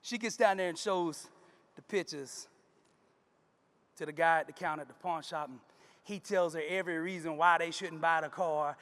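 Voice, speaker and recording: A man's voice: a little high, normal speed, fairly bright tone. A man giving a live motivational speech in a large event hall, rousing the crowd with preacher-like call-outs. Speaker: motivational speaker. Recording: long reverb of a large hall.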